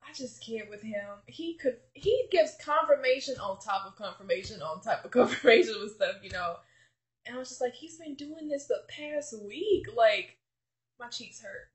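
Fervent woman with a high voice. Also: moderate pace. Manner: fervent, gushing, many restarts, calls listeners honey. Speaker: faith vlogger. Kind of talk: emotional personal faith testimony.

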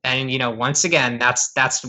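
A man's voice: mid-range voice, level tone, moderate pace, sharp tone. A man co-hosting a podcast in casual chat, speaking hesitantly and often restarting his sentences. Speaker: podcast co-host.

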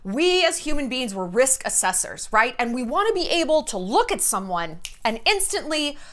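A woman's voice: high voice, sing-song, moderate pace, fairly bright tone. Sassy woman vlogger in a mock drawl. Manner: putting on an exaggerated Texas drawl, sassy and blunt. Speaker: vlogger host. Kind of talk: casual to-camera commentary. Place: home.

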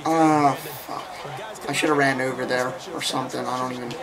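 A man giving profane let's-play commentary, reacting loudly to gameplay. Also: medium pitch, fairly even intonation, quick pace, gravelly, crowd noise. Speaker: gaming YouTuber. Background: music playing.

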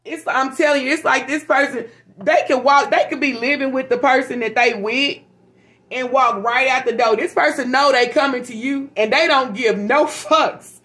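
A woman reads tarot for her viewers in a loose, chatty way. She talks frankly and curses freely, animated and quick to laugh, in a slightly high voice. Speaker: tarot reader. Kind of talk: casual tarot reading to viewers.

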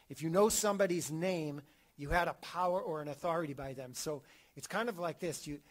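Brief: male catechism teacher, slightly higher voice, animated, acts out quotes, frequent restarts. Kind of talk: theology class lecture.

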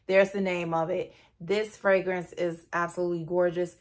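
A beauty vlogger reviews a perfume, gushing and chatty as she calls her viewers "you guys." Her voice is on the low side with little pitch movement, at a normal speed.

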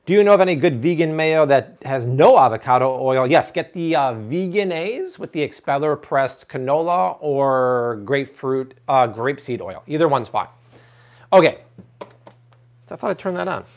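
Animated jokey male cooking host. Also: mid-range voice, moderate pace. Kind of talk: live cooking stream.

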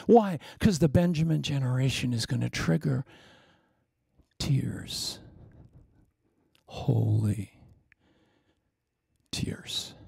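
Gravelly-voiced man preaching animatedly. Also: sits high, darkish tone, no room sound, studio quality. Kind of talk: sermon.

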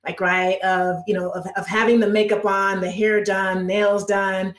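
A woman's voice: medium pitch, little pitch movement, a little slow. A woman hosting an interview who speaks reflectively, affirms her guest and asks probing questions. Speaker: podcast host. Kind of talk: interview conversation. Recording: echoey room.

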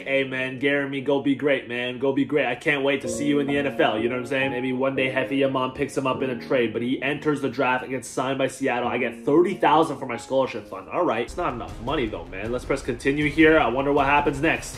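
A man's voice: medium pitch, fairly quick, hardly any pauses, fairly bright tone, soft background music. A young man doing playful game commentary, hyped and joking, role-playing as a new head coach talking to his players. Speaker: gaming YouTuber.

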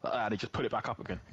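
A man's voice: high voice, muffled recording. Sweary, rambling young man. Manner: rambling storyteller, swears freely, many restarts and "mate". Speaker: gamer chatting with friends. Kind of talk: casual chat during an online game.

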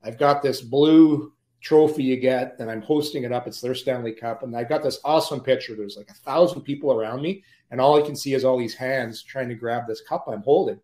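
A man, a former pro hockey player, telling lively anecdotes as a podcast guest and often laughing mid-story. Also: mid-range voice, fairly quick, hardly any pauses. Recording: roomy echo.

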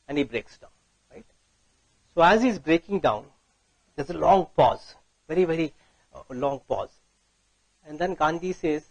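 A man's voice: fairly high pitch, unhurried, long pauses, dry recording, low-quality recording. A man giving a conference talk, telling a story and often checking in with "right?". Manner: storytelling, frequent "right?" tag questions. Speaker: speaker.

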